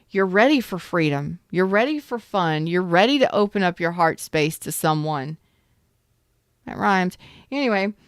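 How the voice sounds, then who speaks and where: A woman's voice: fairly low pitch, smooth, dry recording, studio quality. A woman giving a casual tarot reading, chatty and blunt, talking straight to her viewers and swearing now and then. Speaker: tarot reader.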